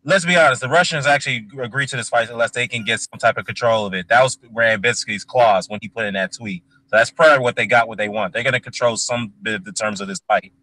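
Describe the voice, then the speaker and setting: A man hosting a boxing talk show, making his case in a measured, casual way. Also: medium pitch, sharp tone, rough recording. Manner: measured, keeps repeating "take a look". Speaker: host.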